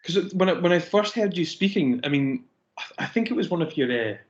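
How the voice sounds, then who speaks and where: A man from the Scottish Highlands with a softened Highland accent, chatting casually and trailing off mid-sentence. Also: lively intonation, a little fast, highs cut off. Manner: easygoing, laughs often, trailing sentences. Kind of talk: casual chat.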